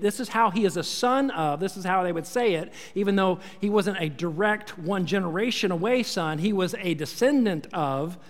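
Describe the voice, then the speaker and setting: A man preaching a sermon as a pastor, lively and acting out the people in the story. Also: high-pitched. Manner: animated, acts out quoted voices. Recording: long hall reverb.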